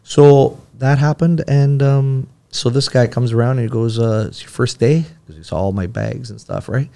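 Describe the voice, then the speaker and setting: A man's voice: medium pitch, normal speed, creaky, mellow. A man, a podcast guest telling a long personal story in casual talk and acting out the dialogue.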